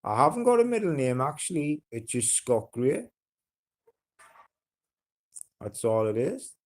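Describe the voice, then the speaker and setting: A man's voice: fairly high pitch, very animated, unhurried. A man with a broad Geordie accent chatting casually on a livestream, blunt and sweary, rambling with fillers and restarts. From North East England.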